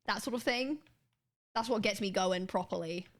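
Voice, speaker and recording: A young woman streaming, chatting casually with viewers in a rambling way, her throat a little sore. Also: medium pitch. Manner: rambling, restarts sentences, quick laughs.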